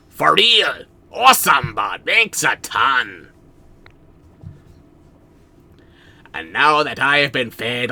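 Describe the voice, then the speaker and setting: A man's voice: mid-range voice, bright, forceful tone, exaggerated voice. A man voicing a friendly, laid-back male fire dog creature in a put-on Canadian accent, calling the listener bud and tagging lines with eh. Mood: cheerful. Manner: folksy, calls listener bud, says eh.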